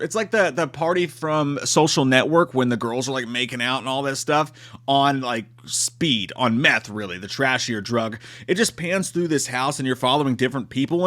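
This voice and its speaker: Profane, animated male movie reviewer. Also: fairly high pitch. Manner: animated, profane, acts out quotes.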